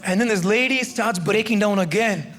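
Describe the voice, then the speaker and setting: High-pitched man, stand-up storyteller; lively delivery, light tag questions. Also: normal speed, noisy background. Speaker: stand-up comedian. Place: comedy club stage with live audience.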